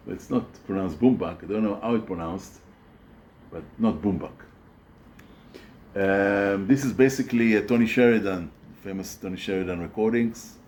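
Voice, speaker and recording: A man showing records from his collection in a casual video, halting often with fillers and restarts. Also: fairly low pitch, darkish tone, slight background noise. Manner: hesitant, many fillers and restarts. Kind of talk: casual show-and-tell video.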